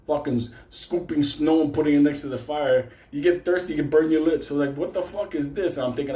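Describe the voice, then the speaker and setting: A man's voice: on the high side, fairly quick, few pauses. Profane, laughing male storyteller in a roomy space. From Puerto Rico. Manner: profane, animated, laughing through his story. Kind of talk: casual comic storytelling. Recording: roomy echo.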